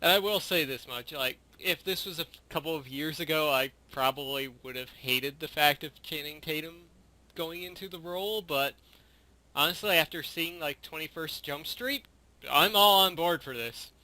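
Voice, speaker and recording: A man's voice: a little high, moderate pace, sharp tone. A man co-hosting a podcast in easygoing casual chat, full of fillers. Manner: easygoing, asks questions, lots of likes and fillers. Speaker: podcast co-host. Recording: dry close sound.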